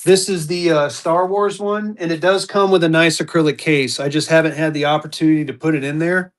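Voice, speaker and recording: A man's voice: a little high, fairly even intonation, brisk. A man selling banknotes in a live-stream auction, with hyped, repetitive auctioneer patter.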